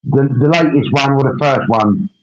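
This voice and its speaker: A man's voice: mid-range voice, moderate pace. A man hosting a casual livestream chat. He rambles while he works through tasks on screen and tags his sentences with questions. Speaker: livestream host. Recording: dull lo-fi stream audio.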